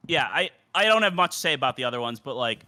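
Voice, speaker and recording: A man's voice: mid-range voice, lively intonation, fast, bright, forceful tone. A young man co-hosting a gaming podcast, rambling with lots of fillers in casual chat. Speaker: podcast co-host.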